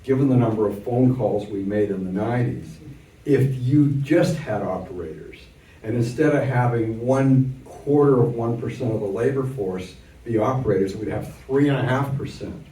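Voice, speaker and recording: A man's voice: mid-range voice, moderate pace, mellow. An older man giving an economics lecture to adult learners, telling stories from memory in a wry, explanatory way. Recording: echoey room from far off.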